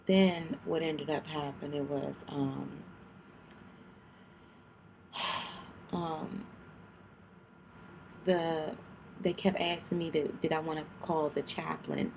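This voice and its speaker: Young woman vlogging, low flat gravelly voice, lots of ums, noisy background. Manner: tearful, halting, with many fillers and restarts; keeps her voice down. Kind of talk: personal storytelling vlog.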